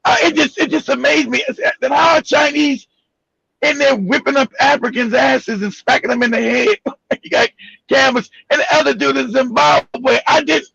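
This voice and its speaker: A man's voice: extremely high pitch, fairly even intonation, moderate pace, vocal fry, sharp tone, no echo, lo-fi sound. A man talking in a heated casual chat, emphatic and profane, often stammering and repeating words.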